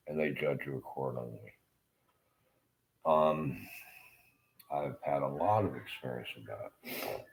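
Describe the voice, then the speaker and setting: Very deep-voiced Southern man ranting. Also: vocal fry, low-quality recording. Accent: Southern American. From Southern United States. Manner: profane, blunt, rambling, with halting fillers. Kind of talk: rambling monologue rant.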